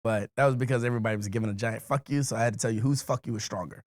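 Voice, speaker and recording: A man co-hosting a podcast, telling a story in casual chat, animated, laughing often and swearing a lot. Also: medium pitch, very fast, no echo, studio quality. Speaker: podcast co-host.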